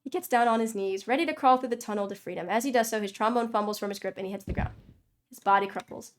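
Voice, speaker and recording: A woman streamer reading a story game aloud, excitable and dramatic, breaking off her narration for outbursts. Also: medium pitch, fast talker, a little hiss or hum.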